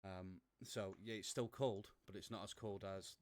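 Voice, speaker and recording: A man's voice: sits low, steady tone, moderate pace, a little mellow, no room sound. A man narrating as game master, rambling and correcting himself as he goes.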